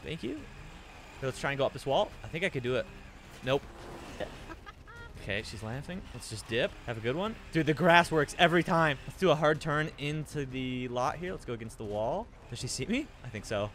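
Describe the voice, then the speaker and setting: A young man giving casual commentary while playing a game, excitable and quick to jump into high yells. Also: slight background noise. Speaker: gaming streamer.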